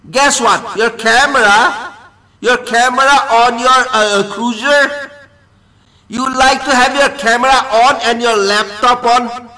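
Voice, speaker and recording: A man's voice: very high voice, bright, forceful tone. A man caller ranting on a recorded phone call, repetitive, profane and threatening.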